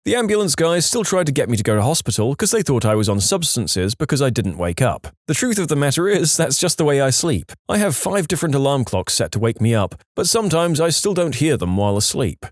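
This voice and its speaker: A man reading online stories aloud as the narrator, lively and animated. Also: mid-range voice, a little fast, hardly any pauses, no echo, clean studio sound. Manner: animated reading, acting out quoted lines in raised voices. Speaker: story narrator.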